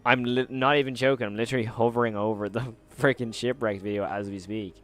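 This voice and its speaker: A man's voice: medium pitch, fairly even intonation, fast, fairly bright tone. A man streaming live, chatting casually to his viewers with slangy, rambling talk and frequent laughter.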